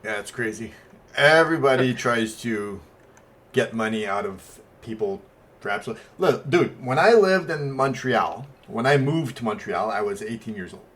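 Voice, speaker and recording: A man's voice: medium pitch, lively intonation, normal speed, fairly bright tone. A native French-speaking man co-hosting a podcast, telling rambling stories in casual chat with blunt talk and swearing. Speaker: podcast co-host.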